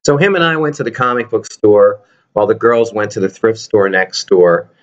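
A man's voice: on the low side, lively intonation, moderate pace, dull audio. A man vlogging casually to his viewers about his toy collection, rambling and joking. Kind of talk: casual chat to camera.

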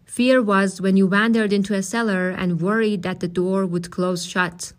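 A woman reading a novel aloud as narrator, in a measured, steady way. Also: medium pitch. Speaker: audiobook reader.

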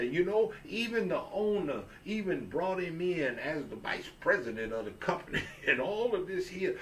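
A man's voice: on the high side, recorded from a distance, a little hiss or hum. A man telling a Christian story in a folksy, repetitive way, lifting his voice when he quotes people. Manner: folksy, repeats himself, raises his voice when quoting characters.

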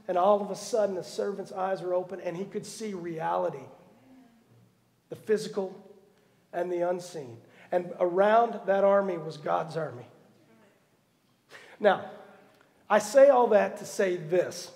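A man preaching a sermon as pastor, telling Bible stories with humorous asides and a lively storytelling manner. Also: high-pitched, a little slow, gravelly, pauses often, big-room sound. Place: church sanctuary.

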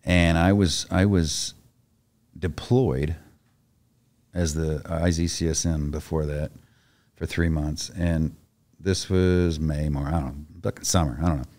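Middle-aged retired soldier, deep-voiced, talking bluntly and profanely as a podcast guest. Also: male voice, fairly even intonation, a little slow, a little mellow. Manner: blunt, profane, acts out the voices in his stories. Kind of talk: casual storytelling.

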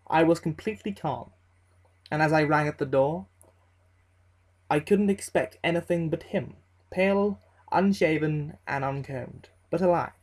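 Male horror narrator, fairly high voice, slow and ominous reading. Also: a little mellow, poor audio. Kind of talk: scripted horror story narration.

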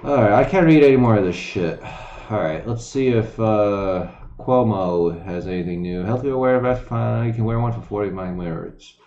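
A man's voice: lowish voice, moderate pace, darkish tone. A man streaming from home, reading news aloud and ranting at it with lots of swearing and mumbled asides. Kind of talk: casual profane live-stream commentary. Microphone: desk microphone. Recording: echoey room, slightly dull lo-fi sound.

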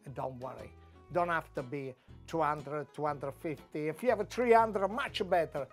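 A man's voice: fairly high pitch, normal speed, soft background music. A man with an Italian accent demonstrating a recipe as a chef, exuberant and exclaiming in broken English beside a wood-fired oven. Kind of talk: cooking demonstration.

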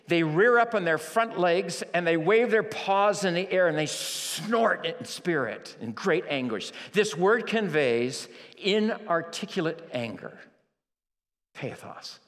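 A man preaching a sermon in a church, slow and emphatic, moving between near-whispers and shouts and repeating key words. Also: sits high. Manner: dramatic, swinging from quiet near-whispers to shouting. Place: church sanctuary. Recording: long reverb of a large church hall.

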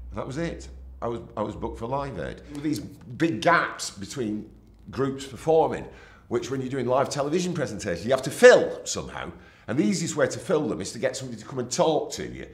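A middle-aged man, a broadcaster telling anecdotes from his career in a lively raconteur's manner, acting out what other people said. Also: mid-range voice, moderate pace. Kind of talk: anecdotal storytelling. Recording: roomy echo.

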